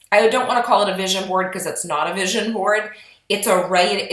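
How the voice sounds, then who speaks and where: A woman co-hosting a podcast, talking in an earnest, chatty way that turns animated when she quotes people. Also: mid-range voice. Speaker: podcast co-host. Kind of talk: casual podcast talk. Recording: roomy echo.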